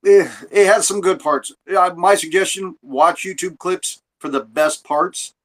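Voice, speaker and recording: A man's voice: high voice, unhurried, fairly bright tone. A man hosting a podcast in casual chat, rambling and swearing freely, recorded on a phone. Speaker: podcast host.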